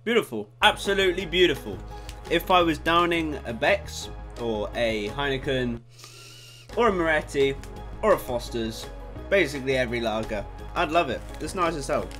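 A nineteen-year-old British man chatting casually to camera in a home vlog, rambling, excitable and swearing freely. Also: on the high side, moderate pace, soft background music. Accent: British English. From Britain. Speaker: YouTuber. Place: home room at night.

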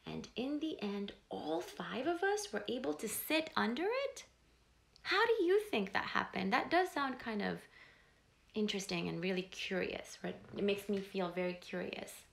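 A woman slowly reading a picture book aloud to young children, pausing to ask them questions. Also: medium pitch, lively intonation, gravelly. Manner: slow, gentle, asks the children questions. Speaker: storyteller host.

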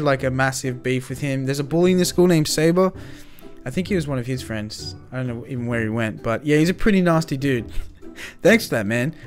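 Young male roleplay host, slangy and hyped, voice on the high side, faint music underneath. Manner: excitable, slangy, quick shifts between shouting and muttering. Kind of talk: improvised game roleplay.

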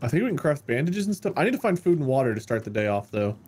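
A man's voice: medium pitch, sing-song, very fast, a little mellow, breathy edge. A man chatting while playing a co-op video game, jittery and talking to himself as he plays. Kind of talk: casual gaming chat.

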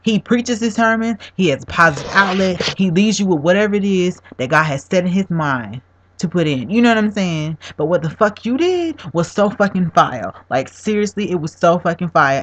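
A man's voice: sits high, sing-song, moderate pace, fairly bright tone. Man vlogger, heated profane rant, emphatic repeated questions. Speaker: video blogger. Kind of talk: angry video response rant. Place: home.

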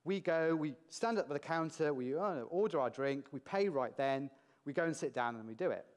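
British male conference speaker, slightly high voice, playful, quizzes the room. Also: normal speed, big-room sound. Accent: British English. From Britain. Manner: lively, jokey, asks the audience questions. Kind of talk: conference talk. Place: large conference hall with audience.

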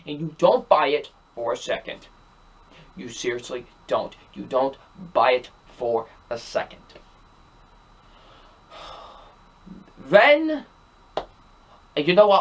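A young man with a husky, fairly high voice rants his way through a film review in exasperation. His delivery is emphatic and repetitive, and he hammers the same points over and over.

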